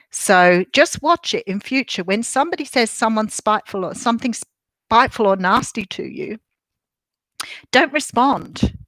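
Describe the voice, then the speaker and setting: A woman's voice: medium pitch, a bit bright, no echo, poor audio. A middle-aged Australian woman hosting a casual live chat, talking reflectively and greeting viewers by name as she goes. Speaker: livestream host.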